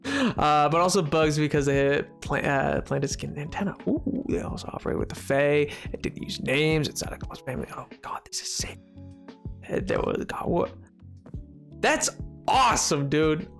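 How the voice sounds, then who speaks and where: Young guy streaming a game, kinda high voice, goofy bragging chatter, faint music in the back. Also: lively intonation, gravelly, fairly bright tone. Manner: joking, boastful, rambling, quick laughs. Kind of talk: casual chat while playing a game.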